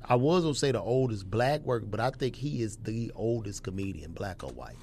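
A man talking as a comedian guest on a podcast, animated, joking and swearing in casual chat. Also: fairly low pitch, a little fast, a little hiss or hum.

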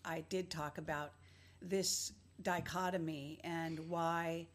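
A woman giving a rambling monologue in a halting, slow way, full of fillers, played as a clip. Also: low-pitched, fairly even intonation. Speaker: video presenter.

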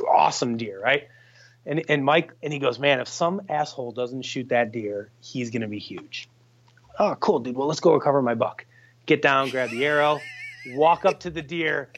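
A man casually telling a hunting story on a podcast, animated and swearing freely as he acts out his friends' lines. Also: a little high, slight background noise. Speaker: guest hunter telling a story.

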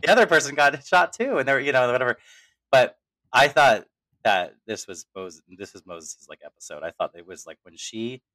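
A man's voice: medium pitch, lively intonation, moderate pace, sharp tone, no room sound. A man co-hosting a podcast roundtable, talking in a rambling, emotional way and laughing often. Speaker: podcast co-host. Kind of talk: casual roundtable chat.

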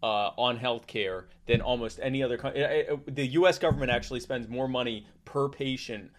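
Man from South Carolina, interview host, mid-pitched voice, easygoing. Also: fairly quick, slight background noise. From South Carolina, USA. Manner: relaxed, reads audience questions. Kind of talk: casual interview chat.

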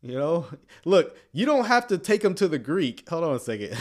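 A man commenting casually on sermon clips, chuckling often and swinging between quiet asides and excited outbursts. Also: on the high side, moderate pace.

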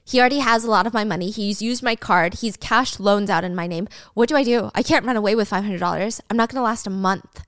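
A woman's voice: medium pitch, fast, hardly any pauses, a bit bright, clean tone, no room sound, lightly acted. A woman voicing a fed-up woman in her thirties who answers her boyfriend in a cool, cutting tone, recorded dry and close. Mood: anxious.

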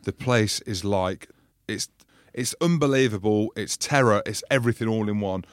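A man co-hosting a podcast, telling lively anecdotes in casual banter and acting out the shouts of people in his stories. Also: fairly low pitch, moderate pace, no echo, clean studio sound. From Scotland. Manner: animated storyteller, acts out loud voices in anecdotes. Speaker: podcast co-host.

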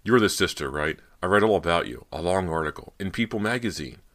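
A man's voice: low-pitched, lively intonation, a little fast, a bit bright, voice pushed up. A man voicing a stern middle-aged security guard who turns eager and starstruck, in an audiobook reading.

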